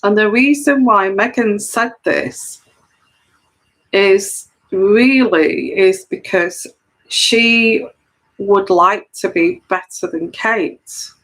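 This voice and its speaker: Speaking very slowly in a medium-pitched, fairly bright voice, a tarot reader earnestly explains her view to camera, repeating phrases to stress them. It's a solo commentary monologue on a rough recording.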